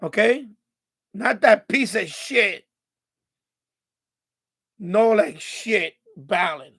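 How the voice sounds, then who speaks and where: Male livestream host, very high pitch with a fry edge, mad, profane, repeats himself. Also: expressive, very slow, fairly bright tone. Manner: angry, profane, repetitive ranting. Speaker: ham radio livestream host. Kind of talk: unscripted livestream rant.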